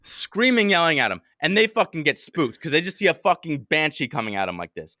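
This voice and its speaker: A young podcast host races through a story in casual storytelling chat, his voice bright, forceful, and fairly high, with a sing-song lilt and quick pace. He curses freely and acts out his own shouts and panicked thoughts. The recording is close and dry.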